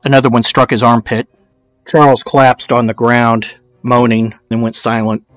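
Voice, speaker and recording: A man's voice: medium pitch, flat delivery, moderate pace, a bit bright, no room sound, soft background music. A man narrating a true-crime documentary in a casual storytelling way, dropping in blunt, swearing asides.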